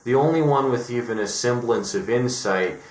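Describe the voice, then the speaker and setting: A man's voice: medium pitch, moderate pace, reverberant. A man from Colorado giving wry, musing commentary in a casual vlog, talking in run-on asides. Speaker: vlogger.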